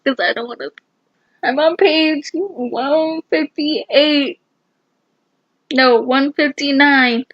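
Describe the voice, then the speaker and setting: A fairly high-voiced woman gushing about her reading in casual vlog check-ins, talking slowly and repeating herself. The sound is dry and a bit muffled, as if from a camera mic. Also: no room sound. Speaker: booktuber.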